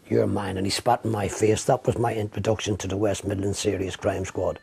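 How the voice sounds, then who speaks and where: A man's voice: on the low side, fairly quick, gravelly, hardly any pauses, heavy background noise. A man giving documentary testimony about his arrest, vividly acting out what others said to him. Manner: vivid storytelling, acts out quoted speech. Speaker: interviewee recounting his arrest.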